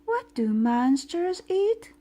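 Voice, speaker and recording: A woman voicing a gentle, curious mother who asks many questions, in a read-aloud storybook. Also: extremely high pitch, big pitch swings, slow, pitched above the performer's own voice, exaggerated voice.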